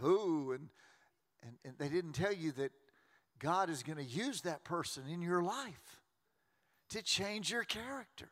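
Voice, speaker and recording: A man, preaching a sermon as a pastor in a folksy, joking way with quick restarts. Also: high voice, animated, a bit bright. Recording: long reverb of a large hall.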